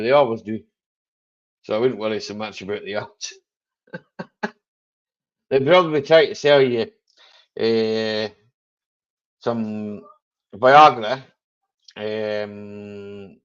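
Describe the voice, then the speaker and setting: A man's voice: on the low side, clean tone. Male stream host, easygoing drawl, rambling jokes, muffled home-stream sound. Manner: jokey and rambling, chuckling often. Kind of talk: casual live chat.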